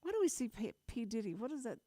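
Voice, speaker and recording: A woman's voice: a little high, very animated, fast, dark tone, no room sound. A middle-aged woman with a Texan accent, hosting a radio chat show and telling stories in a rambling way with many restarts. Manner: rambling, restarts often, storytelling. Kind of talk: casual on-air chat. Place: radio studio.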